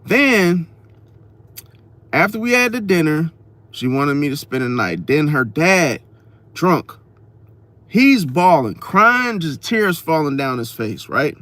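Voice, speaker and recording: A man telling a story in a casual vlog, slangy and profane, talking straight to his viewers with lively emphasis. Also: fairly high pitch, takes it slowly, pauses often, no echo. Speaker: astrology vlogger.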